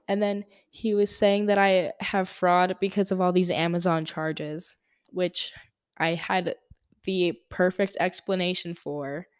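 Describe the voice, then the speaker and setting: A woman's voice: fairly low pitch, clean tone, no echo, studio quality. A young woman hosting a podcast, telling a story in a chatty, exasperated way with lots of fillers. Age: young adult. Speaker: podcast host. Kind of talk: casual storytelling monologue.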